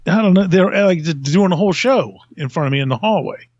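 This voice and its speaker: A man's voice: high voice, lively intonation, fast, a little mellow, dry recording, dull audio. A man telling a long story in casual podcast chat, rambling and self-mocking, laughing often.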